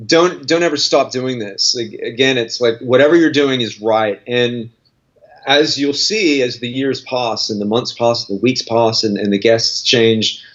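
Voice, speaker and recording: A man's voice: medium pitch, a little slow, fairly bright tone, highs cut off. A man with an Australian accent, chatting as a guest musician in a casual interview, rambling with restarts. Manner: rambling, restarts, laughs easily.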